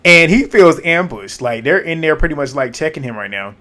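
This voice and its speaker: A man's voice: a little high, animated, brisk, bright, forceful tone. A man giving a casual, slangy recap of a reality show, retelling scenes in an amused way.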